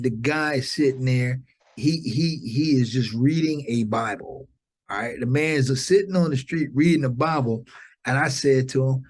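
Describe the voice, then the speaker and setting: A podcast guest in his fifties delivers an inspiring story with the animated energy of a preacher. His exclamations often come with sudden jumps up in pitch.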